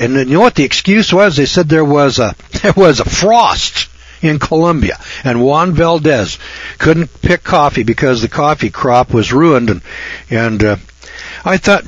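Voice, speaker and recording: A man's voice: a little high, expressive, measured pace, fairly bright tone, breathy edge, dry recording, highs cut off. A man giving a folksy, sarcastic rant in casual talk to his audience. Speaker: online video host. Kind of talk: casual ranting monologue.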